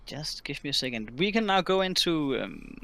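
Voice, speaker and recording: A man narrating a tabletop game as dungeon master over a voice call, hesitant with many pauses. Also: a little high, big pitch swings, a bit bright. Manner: hesitant, many ums and restarts.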